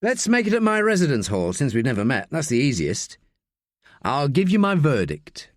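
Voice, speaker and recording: A man's voice: medium pitch, huge pitch swings, moderate pace, no room sound, clean studio sound. A man voicing a reserved young male student who speaks carefully. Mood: guarded. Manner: careful, restrained.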